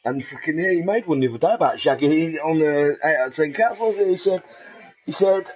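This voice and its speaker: On a dull, lo-fi recording, a middle-aged vlogger with an English accent talks fast in a slightly rough, higher-leaning voice. He meanders through a casual, swear-laden monologue, cracking himself up along the way.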